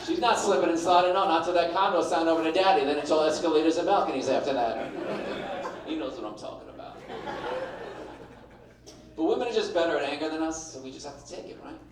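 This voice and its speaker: A brash middle-aged man works through a stand-up set with punchy timing, voice sitting a touch high. He sounds set back from the mic in a very echoey room. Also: fast talker, long pauses, far from the mic, crowd noise. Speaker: stand-up comedian. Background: audience laughter.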